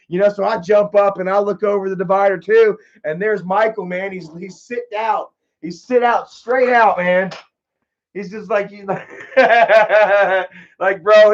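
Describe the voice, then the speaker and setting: A high-voiced man hosts a livestream and answers his chat in a loose, rambling way. He swears freely and ends his phrases with "man" or "bro". The stream audio is dull and lo-fi. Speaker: livestream host. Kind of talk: casual storytelling to live chat.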